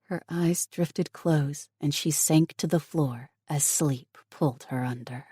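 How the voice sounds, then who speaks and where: A woman narrating an audiobook in steady, even scripted narration. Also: low-pitched, takes it slowly, slightly rough, no echo, studio quality.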